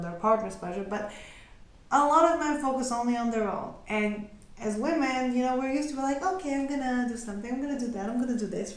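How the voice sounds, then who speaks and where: A woman's voice: on the high side, very echoey. A young woman giving a casual tarot reading, chatty and giggly, acting out little quoted voices. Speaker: tarot reader.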